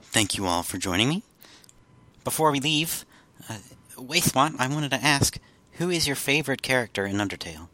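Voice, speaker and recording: A man hosting a casual group chat, upbeat and quick to laugh. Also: medium pitch, lively intonation, pushed and bright, a little hiss or hum. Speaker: podcast host.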